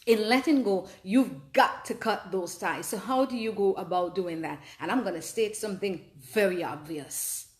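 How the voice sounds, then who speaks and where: A woman's voice: mid-range voice, moderate pace, hardly any pauses, roomy sound. A woman hosting a personal advice talk, telling her own story earnestly and with animation. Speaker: host.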